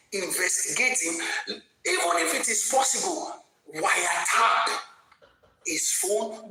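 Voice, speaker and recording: A woman's voice: mid-range voice, sharp tone. Fiery woman in an echoey room. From Lagos, Nigeria. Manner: fiery, emphatic, repeats points for force. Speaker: commentator. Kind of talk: opinionated commentary monologue. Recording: very echoey room with faint music.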